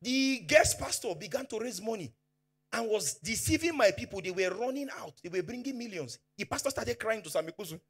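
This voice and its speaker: A male Nigerian pastor preaching with a high, husky voice that leaps all over its range. He swings from hushed asides to fervent shouting and slips into Pidgin as he goes. Soft music plays faintly underneath. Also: lively intonation, brisk. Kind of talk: preaching a sermon.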